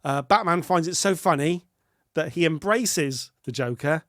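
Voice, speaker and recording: A man's voice: fairly high pitch, measured pace, fairly bright tone, dry recording, studio quality. A British man co-hosting a podcast, chatting casually about a film in a rambling, self-interrupting way. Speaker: podcast co-host.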